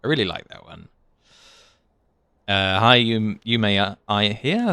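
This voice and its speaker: This is a man hosting his own gaming channel, narrating his game live in an easy, think-out-loud manner. His voice sits on the low side yet sounds bright and forward. He swings up and down in pitch with lively, excitable energy. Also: slow, long pauses, clean tone, dry recording. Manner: thinks aloud, excitable outbursts. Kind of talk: live gameplay commentary.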